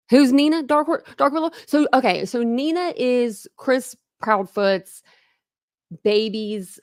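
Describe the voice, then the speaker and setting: A woman's voice: fairly high pitch, clean tone, no echo, clean studio sound. A woman from Ohio with a Southern twang, hosting a casual true crime livestream and chatting in a rambling way full of asides. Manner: rambling and chatty, many fillers and quick asides. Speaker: true crime channel host.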